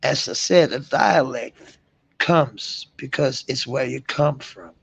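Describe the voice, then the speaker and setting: A man's voice: medium pitch, slow pace, creaky, a bit bright, husky, no echo. A middle-aged man vlogging a rambling, profane rant, mocking his targets and chuckling between jabs. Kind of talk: ranting vlog monologue.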